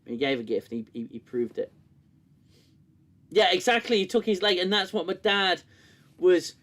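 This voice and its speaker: A man's voice: sits high, lively intonation, normal speed, a bit bright. A man hosting a casual review livestream, talking in a rambling, candid way, swearing often and laughing easily.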